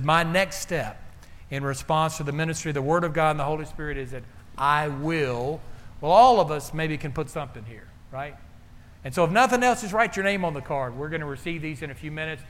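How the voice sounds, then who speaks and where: A man's voice: on the high side, a bit bright, slight background noise. A man preaching a folksy, joking sermon in a church, half-singing song lyrics. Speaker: pastor. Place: church sanctuary. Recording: echoey church hall with faint ambience.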